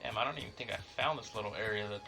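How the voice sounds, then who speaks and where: A man's voice: lowish voice, racing, vocal fry, music in the background. A man streaming a video game from his garage, chatting casually with viewers in a laid-back, chatty way with occasional swearing. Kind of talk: casual gameplay commentary.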